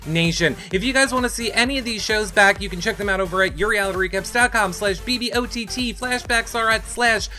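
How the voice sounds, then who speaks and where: Bright-voiced upbeat male interview host. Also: sits high, quick pace, few pauses, faint music behind. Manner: upbeat, hypes the audience, playful. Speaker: podcast host. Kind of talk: enthusiastic livestream interview.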